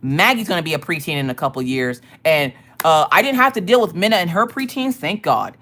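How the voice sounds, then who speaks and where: A woman host telling a family story in casual chat, profane and animated, often laughing. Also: low voice, fairly quick. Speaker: streamer and craft channel host.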